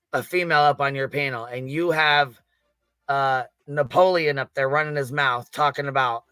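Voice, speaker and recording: Bright, crisp man ranting with profanity. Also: a little high, no echo. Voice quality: swears constantly, incredulous ranting. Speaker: livestream commentator. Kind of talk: heated profane commentary.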